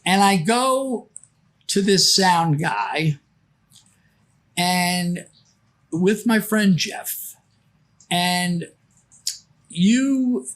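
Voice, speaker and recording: An older man spins a long, rambling story with plenty of stops and restarts. His voice sits high for a man, and he unhurriedly takes his time. It is casual podcast talk. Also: animated, drawn-out words, pauses often, fairly bright tone. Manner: rambling, many false starts. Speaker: podcast guest. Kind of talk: casual anecdote.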